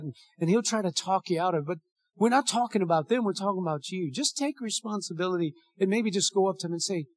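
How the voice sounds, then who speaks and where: A man's voice: high voice, fast talker, dry recording, studio quality. A male pastor preaching a sermon and leading a prayer, earnest and pleading, often repeating his words.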